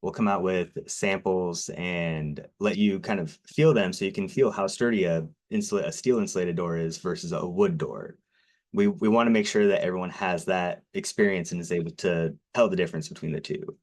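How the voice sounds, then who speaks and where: A man with a strikingly low voice gives a sales presentation on local TV. He talks nervously and apologetically, and fillers crowd his sentences. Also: normal speed, a little mellow. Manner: nervous, self-deprecating, many fillers. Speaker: garage door company presenter.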